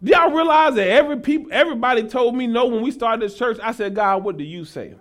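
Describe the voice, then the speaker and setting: Male pastor, very high voice, folksy sermon building to shouts. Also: expressive, fast talker. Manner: builds from casual asides to shouted preaching; folksy, talks to the congregation as y'all.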